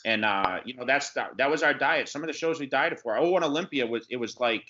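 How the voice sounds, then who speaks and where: A male bodybuilder hosting, telling stories in a relaxed, rambling way with lots of fillers. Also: mid-range voice, quick pace, muffled recording. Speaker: bodybuilder, host of the channel. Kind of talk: casual reminiscing chat.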